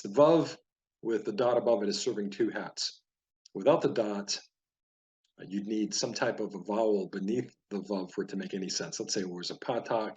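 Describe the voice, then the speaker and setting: A man teaching Biblical Hebrew reading, patiently explaining and slowly repeating each word. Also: lowish voice. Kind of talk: casual spoken lesson over a page of words.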